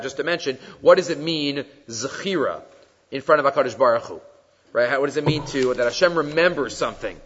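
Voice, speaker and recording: A man teaching a Torah class, animated and asking rhetorical questions, with Hebrew terms woven in. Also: a little high. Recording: dull sound with long hall reverb.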